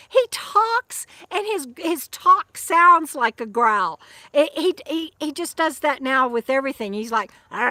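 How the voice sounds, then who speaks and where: A chatty middle-aged woman with a fairly high voice rambles through a casual livestream, stumbling over her restarts as she answers viewers. She talks close to the mic, with a dry sound and little room around her. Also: bright, forceful tone, no echo. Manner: rambling and chatty, with many restarts and fond asides to her dog. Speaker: vlogger and author living in a van. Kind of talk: casual livestream chat reading viewer comments.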